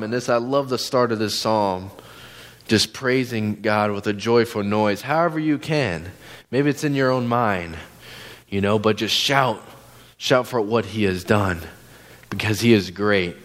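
A man's voice: on the low side, moderate pace, a bit bright. Man preaching casually in a church. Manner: casual, conversational preaching with many fillers and asides. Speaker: guest preacher. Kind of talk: sermon.

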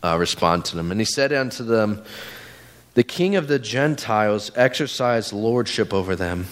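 A man's voice: fairly low pitch, animated, normal speed. A man giving a casual, conversational sermon in a church, full of fillers and asides to the congregation. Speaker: guest preacher.

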